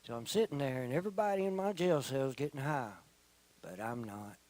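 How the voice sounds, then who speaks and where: A middle-aged man giving a personal testimony in church, telling his story slowly and earnestly, often dropping to a quiet voice. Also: medium pitch, animated, poor audio. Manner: slow, earnest storytelling with quiet, soft-spoken stretches. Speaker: testimony speaker.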